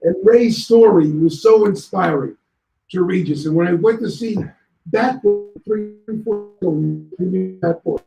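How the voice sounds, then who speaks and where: A male guest on a talk show telling anecdotes in a lively way and acting out other people's lines. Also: high voice, takes it slowly, creaky, reverberant, music in the background, low-quality recording. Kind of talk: anecdotal storytelling.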